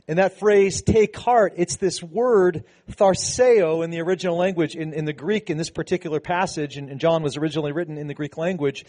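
A man preaching a sermon with a slightly higher voice than most men. He talks to the congregation conversationally, restarting phrases often, then presses into emphatic stretches. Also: normal speed, mellow. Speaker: pastor.

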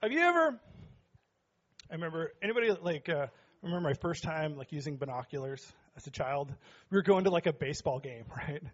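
Joking, high-voiced pastor preaching. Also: male voice, expressive, brisk, highs cut off. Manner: joking with the congregation, rising to shouts. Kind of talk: sermon. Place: church sanctuary.

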